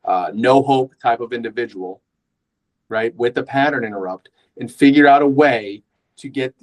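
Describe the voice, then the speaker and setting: Brief: casual male sales trainer, mid-pitched, chatty, checks in often. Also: poor audio. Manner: conversational, with frequent "right?" tags and restarts. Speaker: real estate sales trainer. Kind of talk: informal sales training talk.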